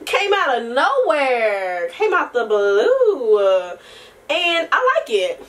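A young woman talking to her camera in a loose, rambling vlog, full of slang and swearing and quick laughs. Her voice sits a little high and swings up and down freely as she talks. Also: huge pitch swings, recorded from a distance. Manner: chatty and rambling, slangy and profane, laughs often; breaks into soft singing. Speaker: vlogger. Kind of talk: casual chat to camera.

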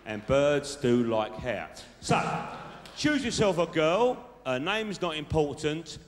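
A man doing a cocky South London lad. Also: mid-range voice. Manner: boastful, chummy, tag questions. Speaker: stand-up comedian in character. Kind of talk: live stand-up character monologue. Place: large theatre stage with audience. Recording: live hall reverb, faint noise.

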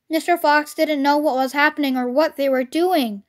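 A woman's voice: sits high, fairly even intonation, normal speed. A woman reading a children's storybook aloud expressively, as a storyteller.

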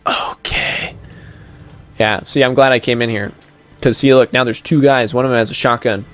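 A man's voice: mid-range voice, steady tone, moderate pace, a bit bright. A young man giving casual let's-play commentary as he plays, chatty and goofy with playful sing-song asides. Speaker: gameplay commentator.

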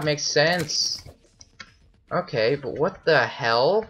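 A man's voice: mid-range voice, animated, unhurried, long pauses. A man commentating his own gameplay, easily startled and often yelping in alarm. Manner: jumpy, often shouts in alarm. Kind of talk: let's play commentary.

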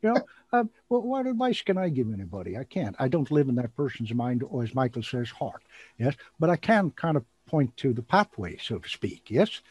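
Husky, rambling male host. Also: mid-range voice, moderate pace. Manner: rambling, animated, laughs often, name-drops. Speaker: show host and magician. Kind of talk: casual chat on an online show.

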